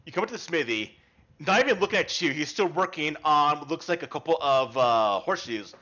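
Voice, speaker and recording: Male game master, bright and forceful, lo-fi webcam sound. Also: a little high, expressive, a little fast. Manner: loose, chatty with fillers. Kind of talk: narrating a tabletop game. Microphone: webcam mic.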